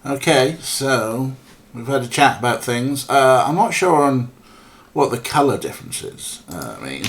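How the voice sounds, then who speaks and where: A man casually commentates a let's play game stream, rambling and mocking, with lots of ums and swearing. His medium-pitched voice has big pitch swings and an unhurried pace.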